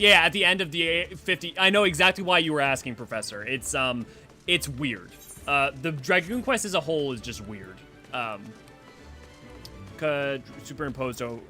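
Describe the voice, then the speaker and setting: A man's voice: fairly high pitch, bright, forceful tone. A man giving rambling, casual commentary while streaming a game, thinking aloud with many fillers. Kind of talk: casual let's-play commentary.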